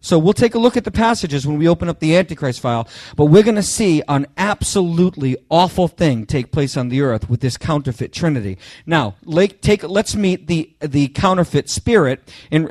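A man with a fairly high voice delivers a sermon, pressing his points with sudden loud bursts and talking straight to his listeners. He stumbles and restarts phrases as he goes. The sound is dry and close, with no room around it. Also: no room sound. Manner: emphatic, rising to loud bursts on key phrases; halting restarts, addresses listeners directly. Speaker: preacher.

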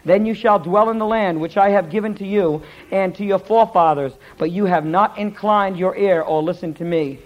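High-voiced male preacher telling a story. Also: normal speed, few pauses, lo-fi sound. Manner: lively storytelling, stumbles over hard names. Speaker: pastor. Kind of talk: sermon.

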